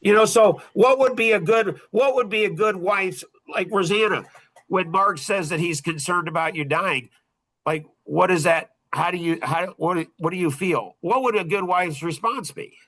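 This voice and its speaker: A man's voice: high voice, moderate pace, fairly bright tone. A middle-aged man hosting a podcast in casual talk, blunt and rambling, often repeating himself. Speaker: podcast host.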